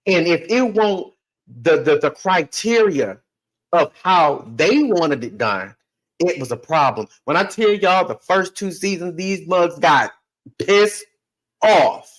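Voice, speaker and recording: Podcast guy telling his story, kinda high voice, repeats himself for emphasis, talks right at you. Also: lively intonation, slow, poor audio. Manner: emphatic, repeats phrases, talks straight to listeners. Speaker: podcast host. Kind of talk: storytelling monologue.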